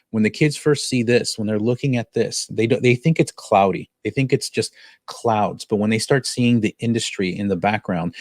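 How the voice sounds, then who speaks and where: A man teaching other teachers on a video presentation, lively and conversational as he points things out on screen. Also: fairly low pitch, no echo, studio quality. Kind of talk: online teacher demo.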